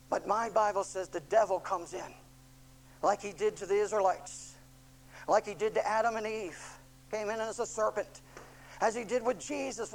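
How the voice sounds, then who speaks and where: A preacher delivering a sermon with emphatic repetition and rhetorical questions, moving from hushed tones up to loud shouting. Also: medium pitch, slight background noise, low-quality recording. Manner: impassioned, swings from hushed to shouting.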